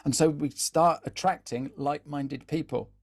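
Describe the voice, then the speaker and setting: A man's voice: on the high side, fairly even intonation, moderate pace, a little mellow. A man giving a live online talk as a social media trainer, chatty, often repeating words and checking in with "yeah?". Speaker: LinkedIn content trainer.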